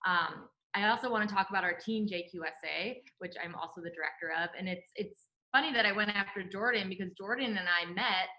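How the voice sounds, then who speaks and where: A woman's voice: medium pitch, sharp tone, muffled recording. A woman with a Midwestern American accent hosting an online event, chatting casually and laughing easily over a video call. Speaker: event host and program director.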